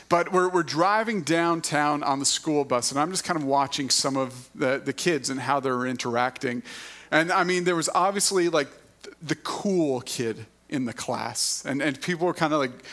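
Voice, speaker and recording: Casual halting male preacher. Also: on the high side, a bit bright. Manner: casual, halting with repeated words and fillers. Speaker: church staff preacher. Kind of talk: sermon. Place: church.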